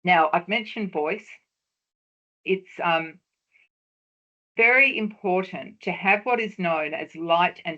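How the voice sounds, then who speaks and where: A woman presenting a webinar lecture on research talks, measured and explanatory, stressing key words for emphasis. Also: on the low side, fairly bright tone, lo-fi sound.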